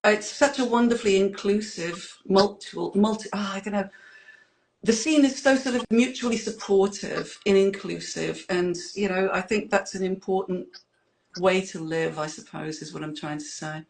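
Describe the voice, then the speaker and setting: A woman's voice: medium pitch, normal speed, gravelly. Chatty woman, rambling asides. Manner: rambling, warm, self-deprecating asides. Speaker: band member, guest. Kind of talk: casual interview chat.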